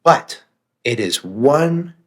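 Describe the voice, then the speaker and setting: A man's voice: mid-range voice, expressive, very slow, fairly bright tone. A man speaking as a podcast guest, earnest and reflective, swearing now and then for emphasis. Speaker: author and meditation teacher, guest. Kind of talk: candid podcast conversation.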